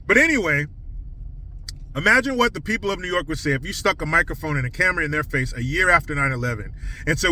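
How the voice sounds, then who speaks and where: A man's voice: fairly high pitch, animated, fast, bright, forceful tone, a little hiss or hum, poor audio. Crude ranting man in a car. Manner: crude, sarcastic, mocking. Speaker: commentary vlogger. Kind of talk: ranting commentary. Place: in a car, driving.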